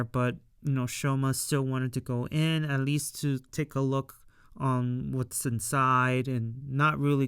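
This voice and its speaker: Casual reviewer, unhurried and filler-heavy; clean, dry voice. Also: mid-range voice, a bit bright, clean tone, no room sound. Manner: rambling with frequent fillers, laughs at own retelling. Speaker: show reviewer. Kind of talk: casual episode recap.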